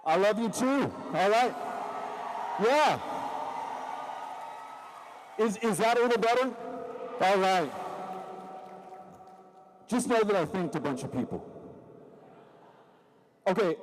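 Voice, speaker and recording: At a rally, a man with a fairly high voice speaks into a stage microphone, blending sarcasm with rising, impassioned emphasis. His words fade into the long reverb of a large venue, and there's a little hiss or hum.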